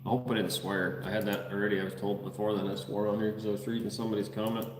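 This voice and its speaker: A man's voice: lowish voice, flat delivery, very fast, echoey room, long reverb tail, background noise. A man from the Netherlands hosting a casual livestream from an unfinished house, reading viewers' comments and names aloud in an easygoing way. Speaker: livestream host. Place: unfinished house under construction.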